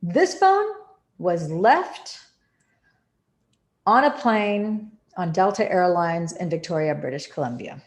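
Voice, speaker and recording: A woman meditation teacher guiding a meditation and speaking about spirituality, with slow, soothing, drawn-out phrasing and earnest emphasis. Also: lowish voice. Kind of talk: guided meditation and spiritual talk.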